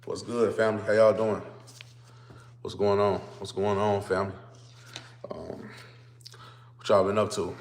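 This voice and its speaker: A man's voice: lowish voice, level tone, measured pace, pauses often, slight background noise. A man, talking casually to viewers on a livestream from a phone on a stand, greeting them over and over and then ranting as he explains. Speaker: vlogger.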